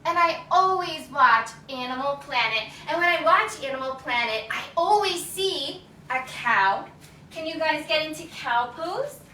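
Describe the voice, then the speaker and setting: A woman with a high, bright voice leads a children's yoga class, cheerful and encouraging as she calls out poses and animal noises for the kids to copy. She speaks slowly and clearly. The sound is echoey and picked up from some distance. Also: lively intonation, a little hiss or hum. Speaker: yoga teacher.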